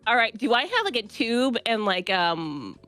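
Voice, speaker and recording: A woman's voice: fairly high pitch, very animated, measured pace, a bit bright, soft background music. A woman playing an improvised tabletop game, melodramatic and swearing, laughing often. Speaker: guest player. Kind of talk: improvised tabletop role-play.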